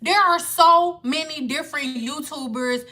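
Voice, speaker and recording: Bright-voiced woman ranting. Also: high-pitched, a little slow. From Detroit. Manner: blunt, ranting, swearing freely. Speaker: hair vlogger. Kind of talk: casual rant to camera.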